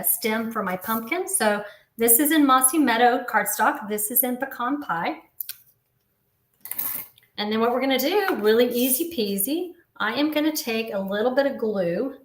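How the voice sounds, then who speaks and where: A woman's voice: a little high, fairly bright tone, echoey room. Chatty woman demonstrating crafts. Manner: chatty, explains step by step while working. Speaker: papercraft instructor.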